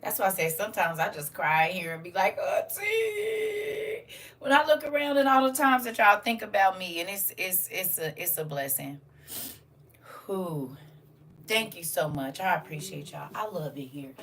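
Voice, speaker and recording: An older woman hosts a casual livestream, speaking emotionally, laughing and exclaiming to her viewers. Her voice is fairly low and a bit bright, at a moderate pace, and sits a little distant from the mic.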